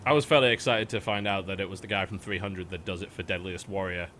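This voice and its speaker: A man's voice: sits low, steady tone, fast talker, sharp tone, slight background noise. A man co-hosting a podcast in casual chat, who makes dry, wry jokes. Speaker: podcast co-host.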